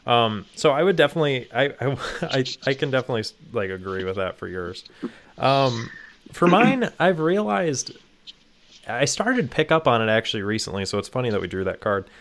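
A young married man co-hosting a podcast in casual chat, animated, with stumbling restarts. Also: mid-range voice, moderate pace. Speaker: podcast co-host.

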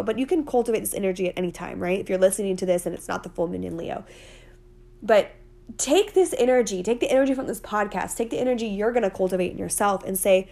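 A woman, hosting a casual motivational podcast in a chatty, playful way. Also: on the high side. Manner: animated, chatty, playful with swearing and asides. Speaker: podcast host.

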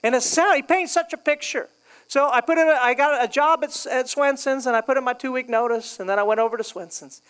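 A man's voice: very high-pitched, brisk, smooth. Man preaching a jokey storytelling sermon. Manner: storytelling, joking, animated. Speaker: pastor.

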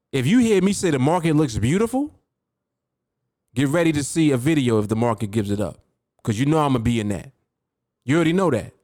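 A man coaching on his podcast with a fairly high voice that swings widely in pitch. He hammers his points home with repetition and talks right to the listener. The sound is close and dry, with no room around it. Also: a little mellow, dry recording. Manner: emphatic, repeats key words, addresses the listener directly. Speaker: podcast host and trading coach. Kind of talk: motivational podcast talk.

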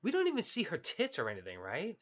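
A man's voice: sits high, wildly swooping pitch, quick pace, over a noisy crowd. A man co-hosting a podcast, making crude jokes in casual chat. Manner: crude, joking. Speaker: podcast co-host.

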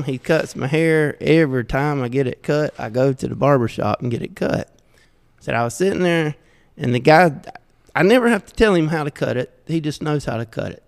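A middle-aged man from Southeast Georgia, a guest on a podcast, tells folksy stories at his own expense in a Southern accent, chuckling often. His voice runs on the high side and sounds creaky, recorded in a roomy space with long reverb.

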